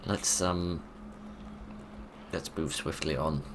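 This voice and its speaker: A man's voice: extremely low pitch, steady tone, takes it slowly, noisy background. A man giving dry, sarcastic let's play commentary while he plays a horror game. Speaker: gaming video narrator.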